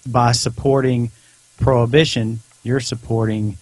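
A man with a husky, slightly rough voice talks earnestly as a podcast guest and lays out his points at length. The sound is dry and close, with no room ring. He is a former police officer speaking casually. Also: medium pitch, level tone, measured pace, a little mellow, no room sound. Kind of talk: casual discussion.

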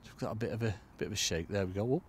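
Bloke, lowish voice, chatty fishing coach talking to the viewers outdoors by a lake. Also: male voice, racing, breathy edge. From United Kingdom. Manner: chatty, keeps addressing "folks". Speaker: angling coach. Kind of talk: casual fishing tutorial. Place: lakeside outdoors in cold weather.

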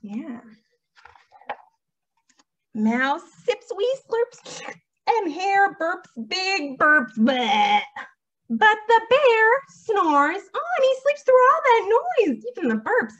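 A young woman reads a picture book aloud at a library toddler storytime, her voice very high and lively, swooping up and down. She takes it slowly and sing-song, dropping to whispered shushes. The sound is dull and lo-fi. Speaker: children's librarian. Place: library program room.

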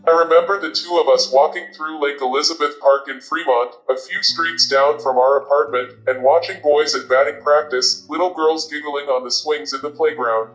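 Brief: male narrator for an audiobook, fairly high voice, recorded in an echoey room with dull lo-fi sound. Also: fairly even intonation, moderate pace, hardly any pauses, fairly bright tone. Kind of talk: audiobook reading. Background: faint guitar music.

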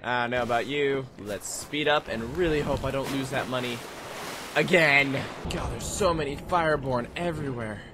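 A young man giving casual, excitable commentary while playing a video game, yelping at enemies and joking to himself. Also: mid-range voice, moderate pace. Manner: excitable, yelps and jokes at enemies. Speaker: let's play gamer. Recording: loud background noise.

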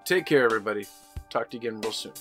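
A man's voice: fairly low pitch, racing, fairly bright tone. A man hosting a podcast, closing the show in a friendly, folksy way. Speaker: podcast host. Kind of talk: casual podcast outro. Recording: music playing under the voice.

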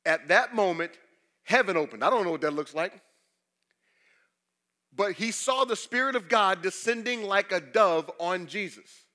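Bright-voiced preaching pastor. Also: male voice, high voice, lively intonation, normal speed. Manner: preaching with sweeping shifts between loud emphasis and quiet confession; asks the congregation rhetorical questions. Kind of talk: sermon.

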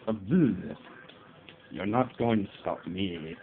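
A man commenting on his own gameplay, grumbling about opponents and shouting out attack names. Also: on the low side, slow pace, pauses often. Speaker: let's play gamer. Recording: tinny lo-fi mic with faint hiss.

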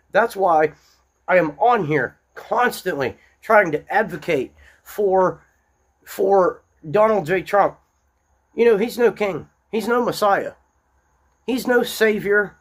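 A man hosting an unscripted, angry political monologue, blunt and repetitive, speaking from his small-town home. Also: sits high. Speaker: political commentary host.

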